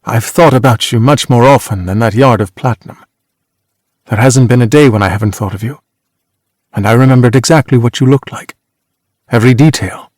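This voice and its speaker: A man doing a worldly ex-actress who teases and cuts, brisk and sharp-tongued. She sounds close and dry, with no room around her, a woman from a storybook reading. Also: mid-range voice, no room sound, natural voice. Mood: teasing. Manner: teasing, brisk and cutting.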